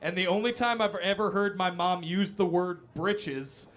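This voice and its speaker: A man's voice: sits high, normal speed, a bit bright. A man from the Midwest hosting a comedic true crime talk show, joking loosely and swearing freely. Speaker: host. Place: live café stage.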